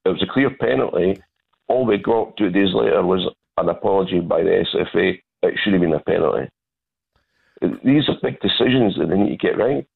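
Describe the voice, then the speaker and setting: Male caller, low gravelly husky voice, tinny phone line, aggrieved. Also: lively intonation, a little fast. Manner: aggrieved, insistent. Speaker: caller, football fan. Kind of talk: phone-in call.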